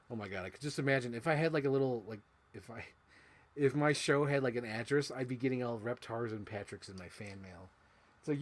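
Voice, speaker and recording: Young male vlogger, very lively pitch, gushing, casual, swears. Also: fast talker. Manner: excitable, swings between shrieks and mumbles. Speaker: toy unboxing vlogger. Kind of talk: casual excited chat to camera.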